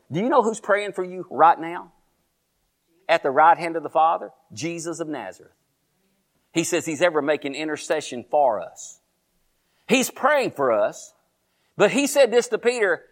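A man with a Texan accent preaching a sermon, telling the story with animated delivery, putting questions to the congregation. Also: on the high side.

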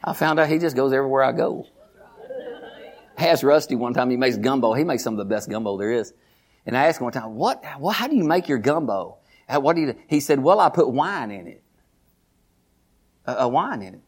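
A middle-aged man preaching a sermon as pastor, animated, folksy and repeating his phrases. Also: mid-range voice, a little fast.

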